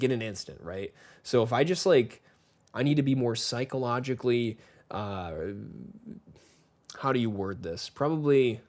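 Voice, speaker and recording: This man's voice is mid-range with a darkish tone. Streaming a shooter game live, he chats casually as he plays, greeting viewers by name in a friendly, rambling way.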